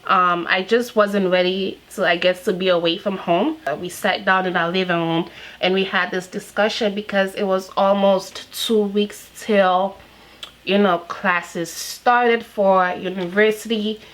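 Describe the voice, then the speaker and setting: A woman's voice: mid-range voice, flat delivery, unhurried, fairly bright tone, rough recording. A young woman in her twenties from Nigeria, speaking candidly and emotionally in a personal vlog, with frequent fillers. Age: 20s. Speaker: vlogger.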